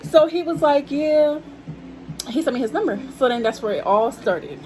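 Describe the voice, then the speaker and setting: A woman's voice: a little high, big pitch swings, brisk, darkish tone, a little hiss or hum, rough recording. A young woman chatting casually to her viewers about her life, calling them y'all. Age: young adult. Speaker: vlogger telling a story. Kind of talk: casual storytime chat.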